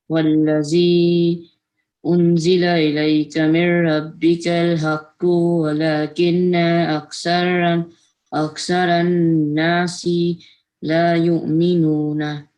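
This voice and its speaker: A man taking part in an online class, asking short questions and then reciting slowly, correcting himself as he goes. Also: on the high side. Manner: steady, halting recitation with self-corrections. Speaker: student reciting. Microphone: video call.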